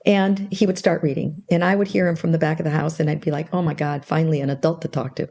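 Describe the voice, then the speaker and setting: An older woman, a guest expert on interpersonal skills, explains a communication model in an interview, telling stories as an animated storyteller and acting out the quoted dialogue. Her voice is low and her pace quick.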